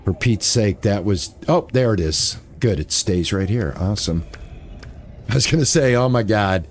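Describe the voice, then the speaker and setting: A man's voice: on the low side, animated, normal speed, slight background noise. An older man streaming a game, chatting casually and thinking aloud, often repeating himself. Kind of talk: casual gameplay commentary.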